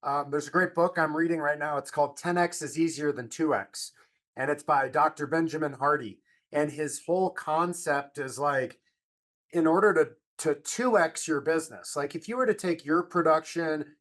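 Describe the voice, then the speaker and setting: Reflective podcast host, higher-pitched man. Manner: reflective, encouraging, filler-heavy. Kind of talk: casual conversation.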